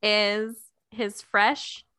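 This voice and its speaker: Woman, podcast co-host, upbeat, laughs often, bright tone, dry sound. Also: medium pitch, little pitch movement, very slow, clean tone, no room sound. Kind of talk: casual chat and reading aloud.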